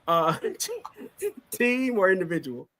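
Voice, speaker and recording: A man co-hosting a casual podcast chat, joking around and dropping quick asides. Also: sits high, very animated, fairly bright tone. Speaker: co-host.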